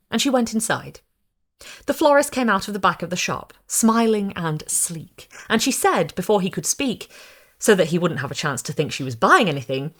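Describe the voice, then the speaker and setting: Lively woman reading a gothic tale. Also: fairly low pitch, a little fast. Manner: lively, dramatic storytelling. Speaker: reader of short stories. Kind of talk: expressive audiobook narration.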